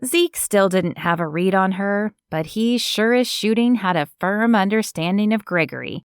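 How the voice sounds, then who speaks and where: Audiobook narrator, woman, slow and measured, dry close sound. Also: medium pitch, expressive, smooth, dry recording. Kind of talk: scripted narration.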